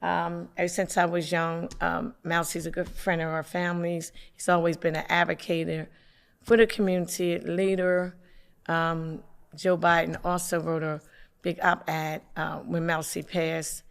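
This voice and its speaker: A councilwoman from hosting a local community TV show, with the hiccups, making announcements in a halting way with many fillers. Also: fairly low pitch, level tone, creaky, clean tone. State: has the hiccups.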